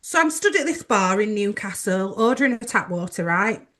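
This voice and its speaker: Bright lively woman co-host chatting. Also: medium pitch, normal speed. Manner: chatty storyteller, laughs often. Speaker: podcast co-host. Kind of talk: casual chat.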